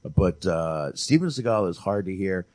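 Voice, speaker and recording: A low-voiced man talking at a normal speed co-hosts a film review podcast, recorded with no room sound. He's animated and informal, curses freely, and calls his pal "dude."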